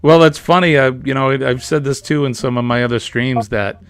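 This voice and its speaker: Brief: Boston-accent host, gravelly, dry close sound, easygoing chat. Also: male voice, mid-range voice, moderate pace, dry recording. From New England. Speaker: livestream host. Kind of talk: casual chat.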